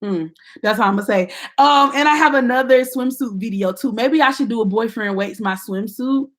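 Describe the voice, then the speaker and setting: A young woman with a Southern American accent, chatting casually on a livestream, reading comments and talking straight to her viewers in a playful, animated way. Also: fairly high pitch, normal speed. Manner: animated, playful, Southern-tinged slang, talks to viewers directly. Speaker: YouTuber doing a livestream. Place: at home at her computer.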